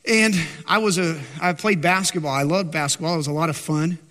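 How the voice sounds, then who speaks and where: A male pastor preaching a sermon, rising loud on his questions and dropping soft and low for his stories. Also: brisk, in a large hall. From Texas, USA.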